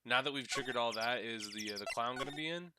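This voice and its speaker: A man's voice: medium pitch, quick pace, noisy background. Casual man talking over a game. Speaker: game player. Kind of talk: casual let's-play commentary. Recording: loud game music behind. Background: loud game music.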